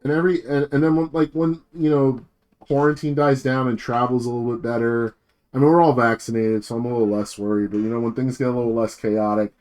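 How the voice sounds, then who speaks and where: A man's voice: medium pitch, level tone, fast, a little mellow. A young American man streaming as a VTuber, rambling through a profane, casual rant full of filler words. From United States.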